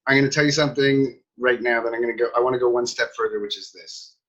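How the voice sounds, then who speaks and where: A man hosting a casual interview. He talks haltingly, with many restarts and fillers. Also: medium pitch, a bit bright, lo-fi sound. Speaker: host.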